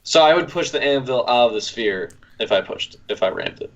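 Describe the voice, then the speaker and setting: A man playing a tabletop game, speaking slowly and deliberately and asking about the rules before he acts. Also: medium pitch, lively intonation, creaky, dull audio. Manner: slow, deliberate, asks rules questions. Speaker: player. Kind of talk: casual tabletop play.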